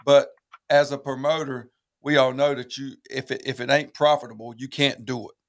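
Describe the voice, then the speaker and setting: A man's voice: medium pitch, little pitch movement, normal speed. A man in a racing panel discussion, talking in a laid-back way with casual swearing. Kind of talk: panel debate.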